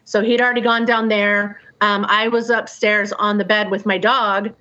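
A woman's voice: mid-range voice, normal speed. A middle-aged woman casually telling a personal story to a group, acting out noises and swearing freely. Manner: animated, acts out sounds and quotes, swears freely. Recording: dull lo-fi sound.

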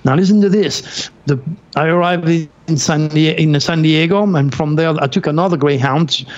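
A middle-aged man from France telling a personal story in an excitable, dramatic way, with slips in his grammar. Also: fairly high pitch, moderate pace. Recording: dull lo-fi recording.

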